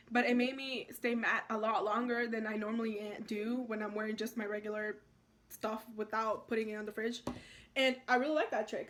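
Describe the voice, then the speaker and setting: A woman's voice: on the high side, a little hiss or hum. Gushing young woman chatting about makeup. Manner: gushing, excitable, rambling with many likes and ums. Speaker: makeup vlogger. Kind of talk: casual chatty makeup tutorial. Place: at home.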